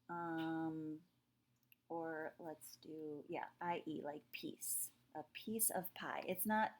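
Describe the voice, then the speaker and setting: A woman teaching a French lesson to her students. She talks to them directly, often checks in with "okay?", and draws sounds out slowly to model them. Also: lowish voice. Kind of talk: recorded classroom lesson.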